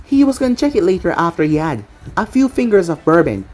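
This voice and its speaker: A woman narrating a story aloud in a plain, steady reading style. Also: fairly low pitch, fast, faint music behind. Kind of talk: storybook narration of fan fiction.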